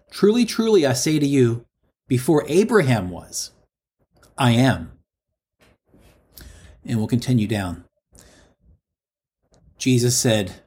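A man preaching a sermon, calling his listeners friends and repeating each quoted line slowly for emphasis. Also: mid-range voice, expressive, a little mellow.

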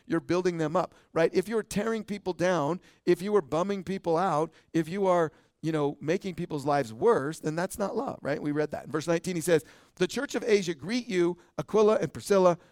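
A pastor in middle age gives a relaxed, joking sermon and keeps checking in with his listeners. His voice sits a little high for a man. The recording is close and dry. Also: dry recording. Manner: conversational, joking, frequent "right?" asides.

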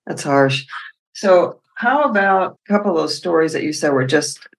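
A woman's voice: low-pitched, lively intonation, normal speed, creaky. A woman hosting a podcast, asking questions and giving brief, supportive affirmations. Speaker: podcast host. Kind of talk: conversational interview.

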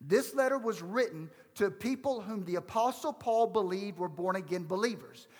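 A man around forty preaching a sermon in a high, light voice. He presses the congregation with emphatic rhetorical questions. The sound rings with a long hall reverb. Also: animated, moderate pace, darkish tone. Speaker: pastor.

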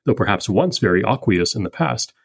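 A man with a fairly low, breathy voice talks through the meter of a poem in a scripted, measured way. He explains each point methodically, like a podcast host giving a close reading. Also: animated, dry recording. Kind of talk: scripted poetry analysis.

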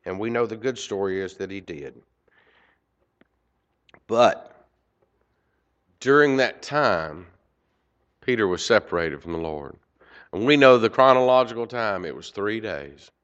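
A man preaching a sermon, swinging from loud emphasis to quiet asides. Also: fairly low pitch, expressive, measured pace, long pauses. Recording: dull lo-fi recording.

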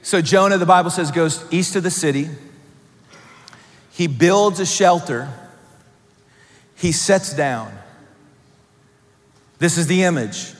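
A male pastor preaching a sermon, swinging between loud emphatic lines and hushed, low ones. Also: slow, long pauses. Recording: long hall reverb.

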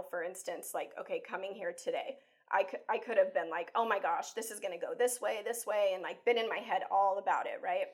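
A woman life coach talking casually as an interview guest, chatty and animated, acting out her own thoughts with lots of "like" and "you know.". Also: medium pitch. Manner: acts out her own inner thoughts while telling stories. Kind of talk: conversational interview.

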